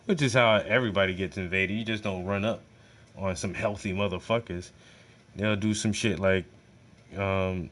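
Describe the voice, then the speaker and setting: A man with a lowish, slightly bright voice hosts a livestream, reacting to a speech. His commentary is loose, slangy and profane, and he often repeats himself.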